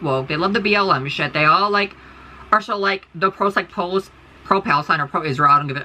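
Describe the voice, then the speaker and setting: A woman's voice: deep voice, sharp tone, a little hiss or hum, poor audio. A woman from the United States in a casual, rambling monologue to her followers, blunt and profane, full of fillers, talking into her phone indoors. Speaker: content creator.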